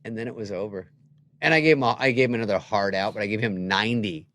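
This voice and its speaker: A man who is a guest comedian, telling anecdotes in an animated way and acting out other people's lines. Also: on the low side, fast talker.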